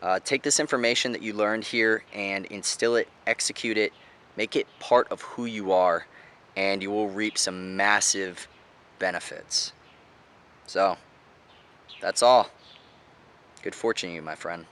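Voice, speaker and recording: A man's voice: fairly low pitch, a little slow, long pauses, fairly bright tone. A man giving a motivational talk as a life coach, acting out example voices to show how to speak. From United States. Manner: demonstrates voice tones with exaggerated examples.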